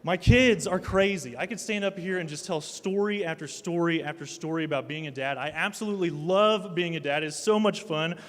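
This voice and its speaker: A man in his thirties speaking at a student ministry night. He gives an animated, self-mocking talk that mixes family stories with a sermon. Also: fairly high pitch, brisk, hardly any pauses. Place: large hall with a live audience. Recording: long hall reverb.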